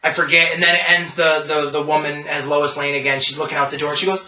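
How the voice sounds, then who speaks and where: A man hosting a casual podcast, retelling scenes in an animated way and laughing often. His voice is high and bright, heard from a distance in a roomy space on a dull, lo-fi recording. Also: fast talker. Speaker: podcast host. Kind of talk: casual chat.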